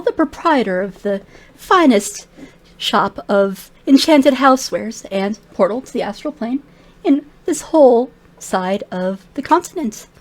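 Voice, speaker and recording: A woman's voice: a little high, pitched above the performer's own voice. A woman voicing an ancient bald male moon elf wizard who runs a shop, fussy and grandly welcoming.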